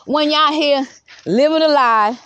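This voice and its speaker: A woman's voice: high-pitched, unhurried, a bit bright, dull audio. A woman in her fifties ranting bluntly and profanely in a voice message. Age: 50s.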